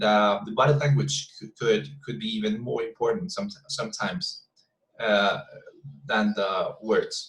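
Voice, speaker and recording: A male English teacher with a Spanish accent, a Spanish speaker, leading an online class in a halting way, with many repeated words and fillers. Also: medium pitch, echoey room, rough recording.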